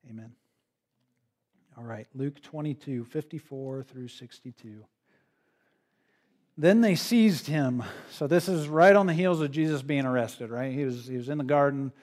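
A man's voice: medium pitch, unhurried, pauses often, darkish tone. A male pastor preaching an expository sermon in a conversational way, often checking in with the listeners. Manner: conversational, with frequent "right?" tag questions.

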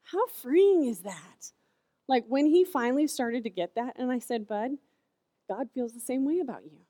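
In a high-pitched voice at normal speed, a woman in her thirties preaches casually to children as a youth speaker. She tells animated stories full of "like" fillers, and the recording is dry and studio quality.

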